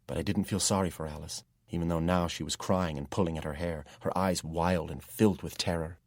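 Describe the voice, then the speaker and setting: A man with a low voice reads a dark fantasy audiobook in steady, measured first-person narration. The recording is dry and close-miked.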